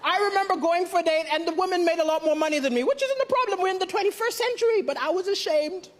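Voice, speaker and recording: A man from Malawi performing a stand-up comedy routine on a theatre stage, with punchy deadpan delivery, acting out other people's lines. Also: extremely high pitch, fast talker. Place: large theatre stage before a live audience. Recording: live stage mic with crowd laughter and music.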